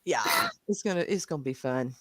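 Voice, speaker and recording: A woman with a Southern US accent co-hosting a live show in casual, animated chat, swearing freely. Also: a bass voice, fairly quick, dry recording.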